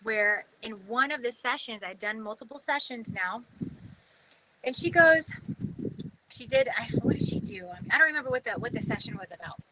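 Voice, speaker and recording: A woman's voice: on the high side, normal speed, pushed and bright, a little hiss or hum, poor audio. A woman telling a personal story in a chatty, casual way, full of fillers, acting out her own past thoughts.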